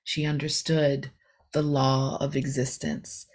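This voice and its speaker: A woman's voice: extremely low pitch, level tone, slow pace, a little mellow. A woman meditation teacher giving a reflective dharma talk, retelling a story with many fillers, self-corrections and rhetorical questions.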